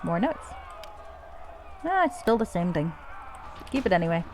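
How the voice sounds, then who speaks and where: A woman's voice: fairly low pitch, sing-song, moderate pace, background noise. A woman streaming a game, making wry, profane remarks. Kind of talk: casual game stream commentary.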